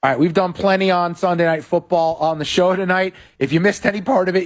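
A man's voice: sits high, fast talker, few pauses. A man hosting a sports betting podcast, recapping football games and sharply criticizing coaching decisions. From West Coast of the United States. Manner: animated, opinionated, critical of coaching.

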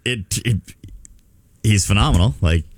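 A man's voice: on the low side, unhurried, breathy edge, no echo. A middle-aged man hosting a radio show, telling a story in casual chat. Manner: storytelling, animated retelling. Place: radio studio.

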